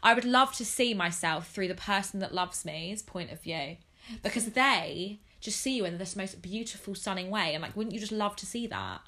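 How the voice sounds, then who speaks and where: A chatty young woman hosting a casual podcast with a friend. Her voice is bright and clear, and her pitch sits in a middle range. She rambles on, stringing her thoughts together with constant "like"s. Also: moderate pace. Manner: chatty, rambling, heavy use of "like". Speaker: podcast host.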